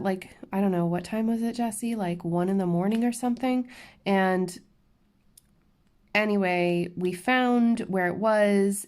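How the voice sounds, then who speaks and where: A woman vlogging from her crafting table at home, talking candidly and ranting to her viewers with quick restarts and asides. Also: mid-range voice, darkish tone. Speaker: diamond painting YouTuber. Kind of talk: casual chatty vlog while crafting.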